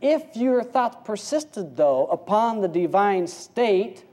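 A man preaching an informal sermon with a mellow, warm tone. His delivery is folksy and conversational, full of rhetorical questions. He drops into hushed, low stretches and then rises to louder, livelier bursts. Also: sing-song, slow. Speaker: spiritual teacher.

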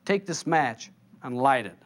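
A man voicing God as a stern, terse male figure who gives flat, curt commands. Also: medium pitch, measured pace, lightly acted. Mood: curt, commanding.

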